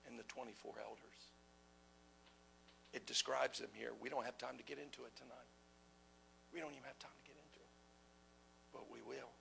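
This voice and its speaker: Male preacher, fiery sermon delivery, bright gravelly voice, leaps from shouts to whispers, faint hum underneath. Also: mid-range voice, poor audio. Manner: passionate, swings from shouting to hushed whispers; asks the audience rhetorical questions.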